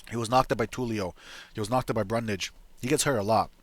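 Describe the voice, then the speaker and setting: A man's voice: fairly low pitch, fairly even intonation, quick pace, dry recording. Blunt, profane man breaking down fights. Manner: profane, blunt, rambling with frequent restarts. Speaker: MMA betting analyst. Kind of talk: casual solo fight predictions.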